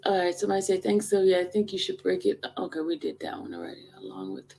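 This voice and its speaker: A woman's voice: lowish voice, sing-song, fast talker, vocal fry, dark tone, a little hiss or hum. A woman hosting a livestream, talking casually and rambling straight to her viewers. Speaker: livestream host.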